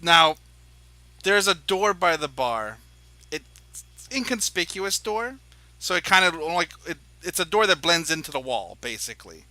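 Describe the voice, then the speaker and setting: A man's voice: a little high, very animated, measured pace, pushed and bright, dry recording. A man narrating a tabletop game as game master, in loose, descriptive narration.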